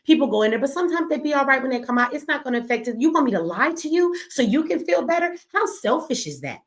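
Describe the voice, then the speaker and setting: A woman's voice: sits high, lively intonation, fast talker, hardly any pauses. A middle-aged woman giving blunt, profane, impassioned commentary on a livestream, preaching at her audience. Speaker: streamer and commentator.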